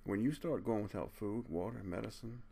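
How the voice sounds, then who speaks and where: A man with a gravelly, low-pitched voice delivers an impassioned monologue to his viewers. He sounds earnest and preachy, keeps tacking "man" onto his sentences and curses without holding back. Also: moderate pace, mellow. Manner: blunt, curses casually. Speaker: video channel host.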